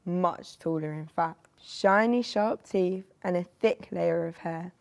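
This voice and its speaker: A woman reading a rhyming children's picture book aloud with an expressive, sing-song delivery. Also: lowish voice, takes it slowly, vocal fry. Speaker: storyteller.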